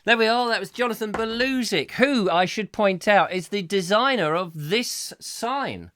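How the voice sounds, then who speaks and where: A man's voice: high voice, measured pace, a bit bright, no room sound, studio quality. A man hosting a comic live chat show, chatty and jokey with rambling asides. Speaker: host.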